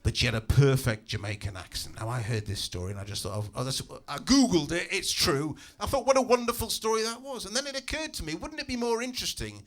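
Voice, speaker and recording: A man performing a stand-up comedy routine in a club, animated and acting out voices. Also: fast, hardly any pauses. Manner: animated, acts out voices with big pitch jumps. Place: comedy club stage with audience.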